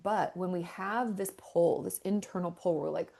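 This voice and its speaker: A woman therapist talks on an interview show with a slightly low pitch and plenty of gravelly fry in her voice. She is candid and self-deprecating, tossing in quick asides as she explains. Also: warm tone. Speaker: therapist and author guest. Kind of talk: casual conversational interview.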